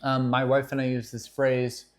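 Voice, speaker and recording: A man's voice: medium pitch, monotone, moderate pace. A middle-aged man who counsels, giving earnest advice straight to camera and acting out example lines with many restarts. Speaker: counselor and video host. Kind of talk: direct-to-camera advice talk.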